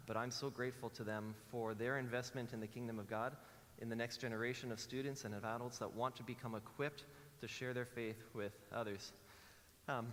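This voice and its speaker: A man's voice: medium pitch, in a large hall. A Canadian man giving a conference talk, self-deprecating and joking as he speaks to the audience. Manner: self-deprecating, joking, animated quoted voices. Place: large lecture hall.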